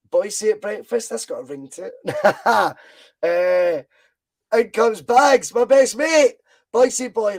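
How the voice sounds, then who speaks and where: Booming high-voiced podcast host. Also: male voice, poor audio. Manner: loud, animated, reads out viewer comments. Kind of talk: casual fan podcast chat.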